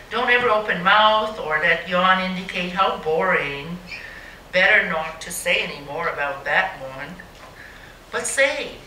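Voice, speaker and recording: A woman's voice: fairly low pitch, pushed and bright, a little hiss or hum. A woman giving a live poetry reading in a museum gallery, with a wry, mocking dry humor. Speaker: poet. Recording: roomy hall, mic at a distance.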